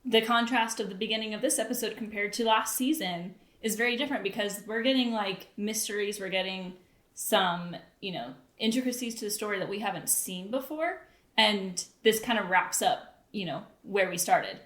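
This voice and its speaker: A woman co-hosting a casual podcast, animated and laughing, with fillers. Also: medium pitch. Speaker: podcast co-host. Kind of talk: casual chat. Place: a house. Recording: roomy echo.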